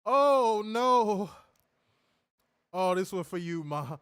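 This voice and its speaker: Young man, co-host, casual chat, slightly high voice, dry sound, cracks up and swears freely. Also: animated, extremely slow, a bit bright, clear, resonant tone, no room sound. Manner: laughs hard, loose and profane. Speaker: podcast co-host.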